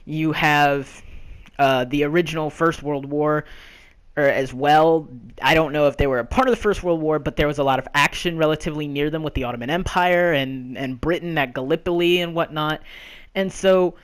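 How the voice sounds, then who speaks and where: A young man talks through a casual gaming countdown as its host. His voice sits a little high, and he rambles, leaning on fillers and loose restarts as he goes. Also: normal speed.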